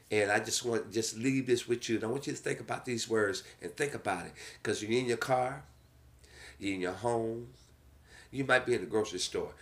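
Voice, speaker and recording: A man's voice: lowish voice, creaky, a bit bright. A middle-aged man, a preacher, giving heartfelt spoken testimony in a repetitive preacher's cadence. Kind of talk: earnest spoken testimony before a gospel song.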